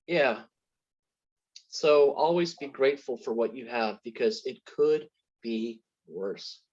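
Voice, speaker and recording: An earnest man speaks as an interview guest, drawing on parables and faith to explain his outlook. His voice sits at a middle pitch. The recording sounds dull and lo-fi. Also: slow, darkish tone, slightly rough. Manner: earnest, faith-centred storytelling through parables. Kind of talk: personal testimony in an interview.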